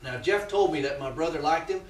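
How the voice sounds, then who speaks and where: A man performing a theatrical monologue on a small theatre stage, telling a confessional story with halting restarts. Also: on the high side. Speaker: stage actor playing a death row inmate. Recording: roomy theatre sound from a distant mic.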